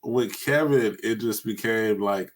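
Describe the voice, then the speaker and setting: Animated young male podcast host. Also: on the low side, a little slow. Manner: animated storytelling, laughs often, acts out quotes. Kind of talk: casual chat.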